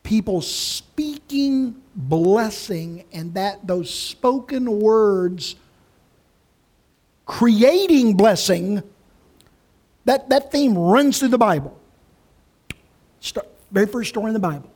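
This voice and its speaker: A man teaching on the Bible in conversation, deliberate and emphatic, leaning on key words. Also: high voice, lively intonation, darkish tone.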